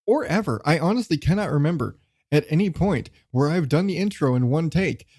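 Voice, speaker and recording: A man's voice: on the high side, a little mellow. Rambling, profane podcast host man. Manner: rambling, profane, chuckling often. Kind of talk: solo casual podcast monologue.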